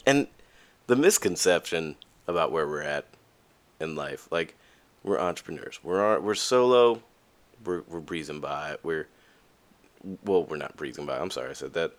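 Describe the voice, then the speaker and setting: Young male podcast host, low voice, very expressive pitch, candid casual monologue, acts out quoted voices. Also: moderate pace, pauses often.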